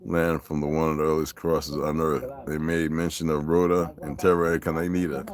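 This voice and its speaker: A man's voice: extremely low pitch, flat delivery, normal speed, crowd noise. A man hosting a livestream, ranting in a profane, preachy, confrontational way and greeting viewers by name. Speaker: livestream host. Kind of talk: livestream rant.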